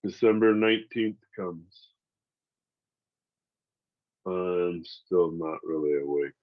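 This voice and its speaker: Over phone-quality sound, a low-voiced man speaks slowly. He's a Seattle native in his forties, telling the story of how he survived with casual candor and plenty of swearing, laughing at the hardest bits.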